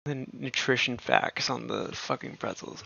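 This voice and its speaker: A man's voice: mid-range voice, a little slow, gravelly, pushed and bright, dry recording, highs cut off. A man hosting a livestream, chatting casually and rambling with lots of fillers and frequent laughs. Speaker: livestream host.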